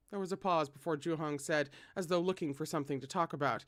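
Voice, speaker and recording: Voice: medium pitch, a little fast, hardly any pauses, no echo, clean studio sound. A fan reader reading a novel aloud, with chatty asides to viewers. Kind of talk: casual read-aloud of a novel.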